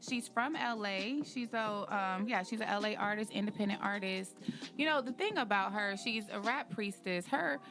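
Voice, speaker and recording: A woman co-hosting a casual radio talk show, enthusiastic and quick to agree. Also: medium pitch, over music. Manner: enthusiastic, affirming. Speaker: radio co-host. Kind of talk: casual comedic radio chat.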